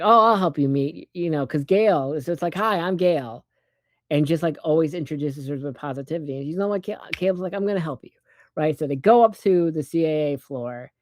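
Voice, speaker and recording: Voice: medium pitch, a little mellow, no room sound. A person casually recapping a movie plot with profane, sarcastic asides and a rambling delivery. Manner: acts out characters' lines in quick put-on voices.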